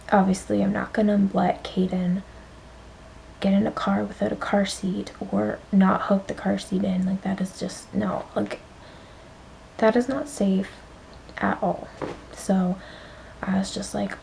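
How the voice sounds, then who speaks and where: A woman's voice: mid-range voice, little pitch movement, takes it slowly, creaky, pauses often, a little mellow, slight background noise, poor audio. Shaky, whispery young woman vlogger. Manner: shaky, emotional, often dropping to a whisper. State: on the verge of tears. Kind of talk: casual storytime vlog.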